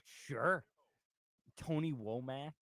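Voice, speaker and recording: A man's voice: mid-range voice, very slow, background noise. A man co-hosting a local sports radio show, joking loosely, swearing and laughing as he chats. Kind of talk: casual sports chat.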